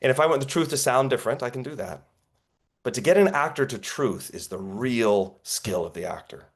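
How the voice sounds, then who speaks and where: A man's voice: medium pitch, expressive, brisk. A man coaching actors in an online workshop, telling stories in an earnest, reflective way over a video call. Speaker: acting coach.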